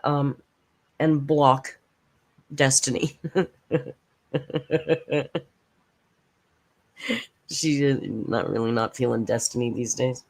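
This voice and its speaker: A woman's voice: very deep voice, fairly even intonation, extremely slow, gravelly, pauses often, a little mellow. Sarcastic, blunt woman commentator. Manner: sarcastic, blunt, swears freely. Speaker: reaction channel host. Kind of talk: casual commentary on a livestream.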